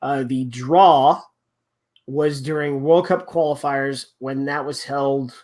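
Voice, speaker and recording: A man's voice: mid-range voice, fairly even intonation, takes it slowly, a little mellow. A man hosting a casual sports podcast chat, rambling and often trailing off mid-thought. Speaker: podcast host.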